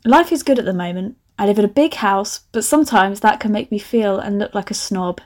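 A woman reading her own teen story aloud, voicing a posh, quiet teenage schoolgirl in an exaggerated posh voice. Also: mid-range voice, fairly quick, close to an everyday voice. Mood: prim.

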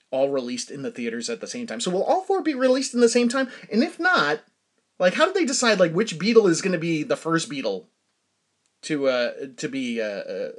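A middle-aged man from Massachusetts hosting a podcast, telling rambling stories in casual chat and laughing often. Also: medium pitch. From Massachusetts, USA. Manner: rambling storytelling with frequent laughs. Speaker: podcast host. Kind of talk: casual solo monologue.

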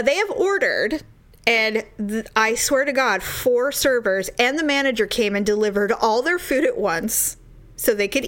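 Woman ranting a story, animated, voice jumping high n low, kinda exasperated. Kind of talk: casual storytelling.

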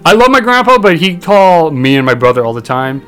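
A young man co-hosting a podcast, telling a long story in a rambling, profane, animated way. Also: a little high, brisk, soft background music. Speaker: podcast co-host.

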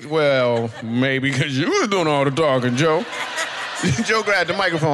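A man's voice: on the high side, animated, normal speed, long reverb tail, background noise. A man doing stand-up comedy, chatting and joking with audience members in a loose, teasing way. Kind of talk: stand-up crowd work.

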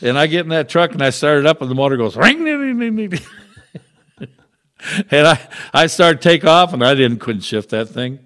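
A middle-aged trucker chaplain tells stories in a casual interview, folksy and chuckling often as he goes. His mid-range voice is fairly bright and moves at a moderate pace.

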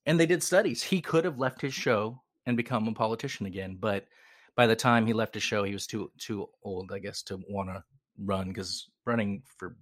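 A man's voice: fairly low pitch, normal speed, a bit bright, dry recording, clean studio sound. A man co-hosting a podcast, chatting casually in a rambling way with frequent restarts and chuckles. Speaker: podcast co-host. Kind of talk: casual chat.

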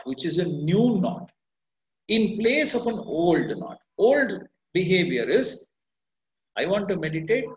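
A middle-aged man guides listeners through meditation in an earnest, self-questioning way. His voice sits a little high and swings widely in pitch. The sound is roomy and a bit dull, like a lo-fi recording. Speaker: meditation teacher. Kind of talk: reflective spoken teaching. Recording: echoey, dull lo-fi room sound.

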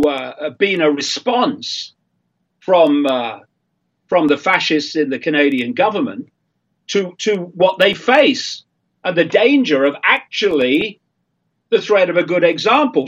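Older male guest, husky, slow, earnest monologue on a dull line. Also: sits high, big pitch swings, a bit bright. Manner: earnest, emphatic, halting with fillers. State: frog in his throat. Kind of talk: impassioned talk-show monologue.

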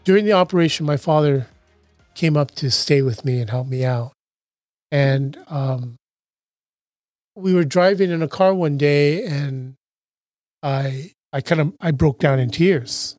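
A man, a former athlete, telling his story as an interview guest, halting with many restarts. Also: fairly high pitch, darkish tone, dry recording.

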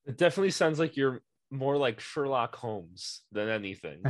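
A man hosting a casual chat, playful and quick to laugh. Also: medium pitch, animated, no echo.

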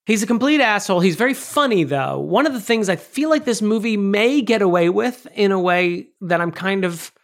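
A podcast co-host talks in casual, animated conversation with a mid-range voice. The delivery is emphatic, with casual swearing. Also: medium pitch, normal speed, hardly any pauses. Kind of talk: casual chat.

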